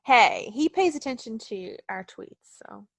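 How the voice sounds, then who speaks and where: On the high side and a bit gravelly yet bright, this podcast co-host's voice is expressive and a little slow. The young woman swears and laughs a lot in lively casual chat, captured in a dry recording.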